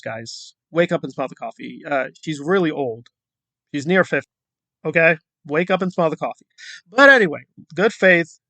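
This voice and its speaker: Sarcastic high-voiced man ranting. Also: bright, forceful tone, no room sound. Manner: combative, sarcastic, rhetorical questions. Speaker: commentary YouTuber. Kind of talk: ranting commentary vlog.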